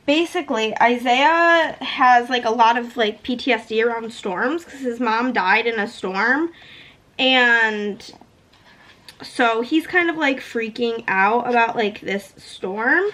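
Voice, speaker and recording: Book vlogger girl rambling about a novel, says like a ton, kinda high voice. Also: takes it slowly, a bit bright. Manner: gushing, peppered with "like". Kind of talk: casual book review chat.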